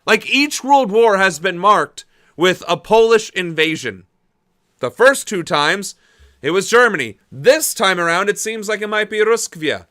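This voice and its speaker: A man's voice: high-pitched, lively intonation, unhurried, sharp tone. A young man streaming casual political commentary, blunt and exasperated, swearing often.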